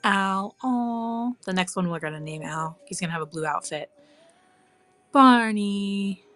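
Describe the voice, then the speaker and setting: A woman's voice: medium pitch, unhurried, fairly bright tone. A woman chatting casually on a live craft stream, cooing and squealing with delight as she works. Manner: bubbly, coos and squeals over her craft.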